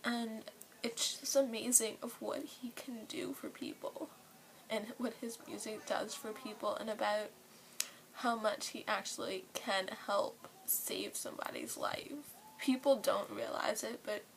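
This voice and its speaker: A young woman from New Orleans, speaking in a soft, often whispery voice, earnest and gushing in a personal vlog recorded at home. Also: on the high side, fairly even intonation, measured pace, gravelly, slight background noise, poor audio. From New Orleans, USA.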